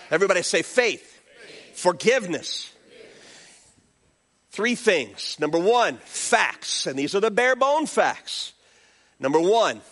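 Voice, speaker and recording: Animated high-voiced male pastor preaching. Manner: animated preaching with call-and-response and acted-out voices. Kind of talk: sermon.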